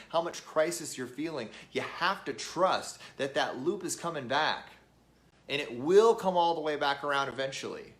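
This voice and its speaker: A man's voice: on the high side, a bit bright. A man hosting his weekly motivational show, talking to camera in an earnest, rallying way and calling his viewers "guys".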